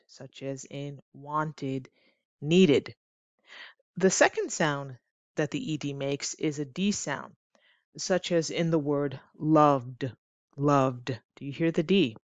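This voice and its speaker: Low-voiced woman teaching pronunciation. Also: no echo, dull audio. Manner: clear, deliberate, stretches example words slowly. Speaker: English teacher. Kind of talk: pronunciation lesson.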